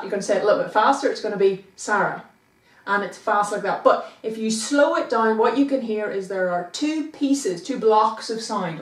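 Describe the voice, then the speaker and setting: A woman teacher talks her class patiently through a lesson, building each point with simple everyday examples. Her voice sits at a middle pitch. The recording carries a roomy echo, and she sounds set back from the mic. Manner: patient, explains step by step with examples. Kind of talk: recorded online English lesson. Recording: echoey room, voice from far off the mic.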